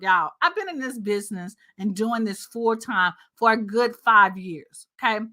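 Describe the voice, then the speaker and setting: A woman's voice: on the high side, pushed and bright. A woman marketing coach talking casually and upbeat to her viewers, chatty and direct, calling them y'all. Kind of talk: casual talking-head video.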